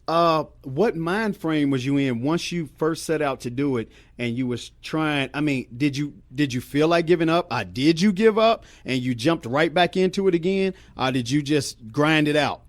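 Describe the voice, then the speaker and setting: A man's voice: on the high side, normal speed, hardly any pauses, no echo. A man hosting a talk show, upbeat and encouraging, with a casual slangy way of talking. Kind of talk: casual interview chat.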